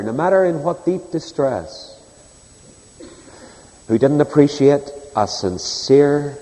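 A man preaching a sermon, telling stories earnestly, swinging between loud emphasis and a soft hush. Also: a little high. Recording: long hall reverb.

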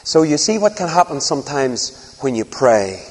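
A man's voice: medium pitch, normal speed. A middle-aged man preaching a sermon, acting out dialogue in different voices. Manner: animated, acts out dialogue in voices. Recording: long hall reverb.

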